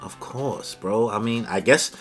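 A man hosting a casual comic chapter review from his home recording room, talking in a slangy, excitable way with sudden exclamations. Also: lowish voice, unhurried, soft background music. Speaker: manga chapter reviewer, channel host. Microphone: camera setup at home.

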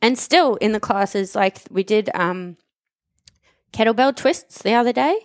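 A woman's voice: mid-range voice, lively intonation, unhurried, a little mellow, dry recording, studio quality. A woman in casual conversation, candidly and emotionally telling a personal story of recovery. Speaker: gym member telling her recovery story.

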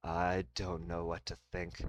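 A man voicing a weary, skeptical man who speaks slowly and hesitantly. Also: low-pitched, completely flat delivery, slight background noise. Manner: slow and hesitant.

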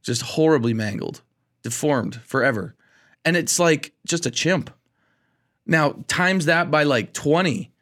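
A man co-hosting a podcast in casual chat, excitable and animated, often saying "dude". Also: fairly high pitch, measured pace. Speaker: podcast co-host.

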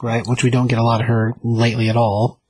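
A man's voice: medium pitch, monotone, fast talker, a little mellow, slightly rough, dry recording. A man chatting casually about comics, chiming in with short agreeing remarks. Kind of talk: casual chat.

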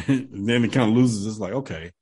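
A man's voice: on the low side, brisk, mellow, breathy edge. A man chatting casually on a podcast, laughing often and acting out the people he quotes. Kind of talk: casual chat.

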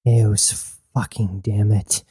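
A man's voice: lowish voice, level tone, slow, warm tone, breathy edge, dry recording, studio quality, heavily acted. A man voicing a furious young woman who swears in exasperated outbursts.

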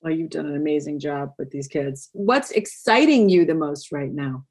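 A woman's voice: deep voice, moderate pace, darkish tone. A woman hosting an interview, upbeat and encouraging in casual chat. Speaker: interview host.

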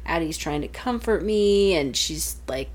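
Storytelling on a casual talk show she co-hosts, a woman in her thirties chats freely and imitates the family members she quotes. Her voice sits on the low side, expressive and unhurried.

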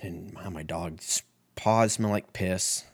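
Man in his 30s, low voice, dry close sound, crude rambling solo podcast host, self-mocking. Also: slow pace, breathy edge, no echo. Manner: crude, profane, self-mocking, tangent-prone. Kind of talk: rambling casual monologue.

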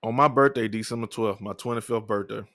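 A young man telling his life story in a candid, profane, rambling way, often low-key and downcast. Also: fairly even intonation, quick pace, a bit bright, no echo, studio quality. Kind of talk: personal storytelling monologue.

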